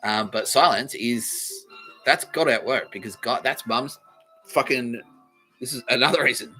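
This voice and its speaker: A man rants through a solo podcast with profane, animated energy, breaking into laughter now and then. His voice is bright and sharp. Faint music sits underneath. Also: medium pitch, unhurried. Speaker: podcast host. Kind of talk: rambling solo podcast monologue.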